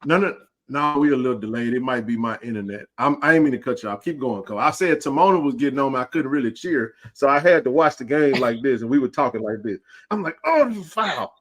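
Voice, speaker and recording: A man's voice: mid-range voice, quick pace. Emphatic man hosting. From Jackson, Mississippi. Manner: emphatic, rambling, restarts often. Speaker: host. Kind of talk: casual live chat.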